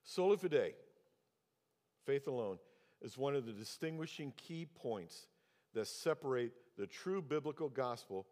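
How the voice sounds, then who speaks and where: A man's voice: expressive, unhurried, a little mellow. A man in his sixties preaching a sermon, telling a story and acting out its dialogue. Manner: storytelling, acts out dialogue with pitch jumps. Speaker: pastor. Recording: long hall reverb.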